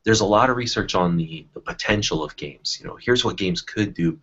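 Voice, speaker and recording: A man's voice: on the low side, brisk, fairly bright tone, husky, highs cut off. A man talking about teaching in a casual online discussion, thinking aloud with many fillers and restarts. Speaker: educator in a panel discussion.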